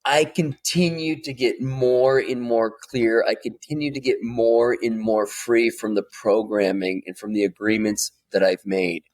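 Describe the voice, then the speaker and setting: A man's voice: mid-range voice, fairly even intonation, a little slow, hardly any pauses, a little mellow. A man in his forties, a podcast guest, telling a candid personal story and swearing freely as he grows emotional. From United States.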